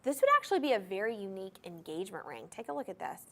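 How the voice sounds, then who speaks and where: A woman hosting a shopping channel, gushing enthusiastically as she pitches jewelry straight to viewers in a TV studio. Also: sing-song, racing, bright, forceful tone. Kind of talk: live TV jewelry sales pitch.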